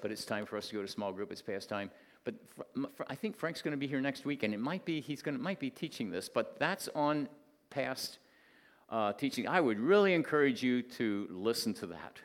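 A man preaching a sermon, moving between loud emphatic points and quiet, confiding stretches. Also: medium pitch. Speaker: pastor. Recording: long reverb of a hall.

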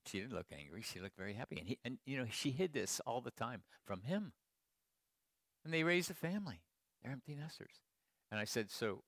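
A middle-aged man preaching a sermon to his congregation, moving between quiet storytelling and emphatic declarations. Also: mid-range voice, animated, fairly quick, no echo, studio quality. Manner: storytelling, swings from hushed asides to emphatic proclamation. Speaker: pastor.

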